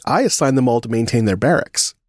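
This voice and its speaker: A man hosting a casual podcast chat, telling an army story with lively acted-out quotes and frequent laughs. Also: medium pitch, fast talker, no echo, clean studio sound. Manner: animated storyteller, acts out quotes, laughs often.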